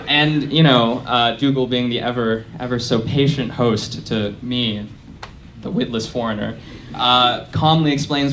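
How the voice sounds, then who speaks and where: Deadpan young man doing stand-up. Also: medium pitch, unhurried, noisy background. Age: young adult. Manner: deadpan, self-deprecating, lots of fillers. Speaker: stand-up comedian. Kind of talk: stand-up comedy set. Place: college performance space.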